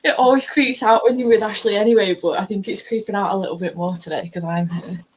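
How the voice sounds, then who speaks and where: A woman's voice: mid-range voice, steady tone, fast talker, husky. A young woman chatting cheerfully on a reading stream, swearing casually. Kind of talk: casual chat.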